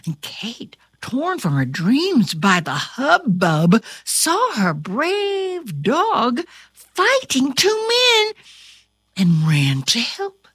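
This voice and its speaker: A woman's voice: high-pitched, wildly swooping pitch, drawn-out words, fairly bright tone, husky, no echo. A woman reading a storybook aloud with theatrical flair, dropping to whispers and rising to cries, then chatting with her listener.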